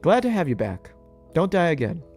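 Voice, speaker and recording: A young man giving jokey commentary over a video game playthrough, talking to his characters with big swings in pitch. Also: big pitch swings, normal speed, gravelly, a little mellow, faint music behind. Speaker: gaming YouTuber.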